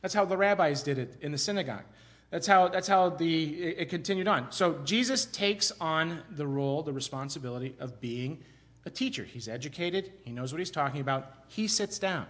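Animated middle-aged man preaching a sermon. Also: a little high, brisk. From Iowa, USA. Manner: conversational, animated preaching with repeated restarts. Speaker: pastor.

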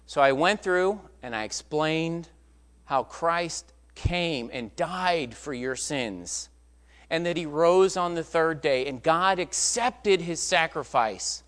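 Lively, emphatic male preacher. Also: fairly high pitch, slow. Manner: storytelling, emphatic, conversational. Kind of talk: sermon.

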